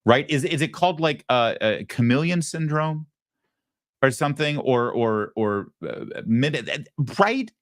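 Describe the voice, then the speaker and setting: A man's voice: medium pitch, lively intonation, unhurried, no room sound, studio quality. A man hosting a political talk show, sarcastic and mocking as he comments. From United States. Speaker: host.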